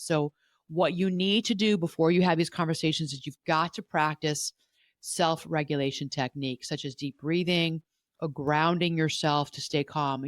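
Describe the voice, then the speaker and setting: A woman's voice: low-pitched, no echo, clean studio sound. Earnest woman therapist coaching listeners. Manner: earnest, coaching, repeats herself. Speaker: podcast host, family therapist. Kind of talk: advice podcast talk.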